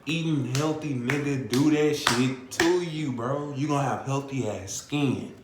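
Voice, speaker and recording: In a roomy space with heavy background noise, a man vlogger delivers a profane comedic rant in a mid-range, slightly slow voice. He fires off rhetorical question after rhetorical question, repeating himself and cursing constantly.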